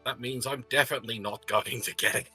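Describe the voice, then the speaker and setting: A man playing a character in a tabletop game, excitable and often laughing. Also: medium pitch, fast, breathy edge, soft background music, low-quality recording. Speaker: player. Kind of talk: casual tabletop play.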